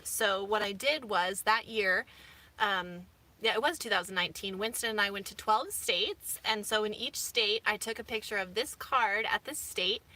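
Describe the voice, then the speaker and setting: A woman's voice: medium pitch, bright, forceful tone, a little hiss or hum. A woman in her thirties, rambling casually with many fillers as a vlogger from inside her camper van. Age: 30s. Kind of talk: casual chat.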